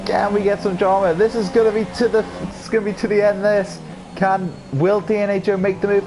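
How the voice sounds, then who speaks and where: Croaky man, higher-pitched, excitable race commentary, noisy background hum. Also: a little fast. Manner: excitable, rising to yells at incidents. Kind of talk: live sim racing commentary.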